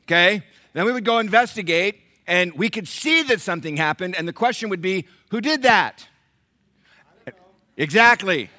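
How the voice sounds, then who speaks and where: A middle-aged male pastor preaching a sermon in a church, animated and conversational, quizzing the congregation. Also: sits high, fairly quick, no room sound, studio quality. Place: church sanctuary.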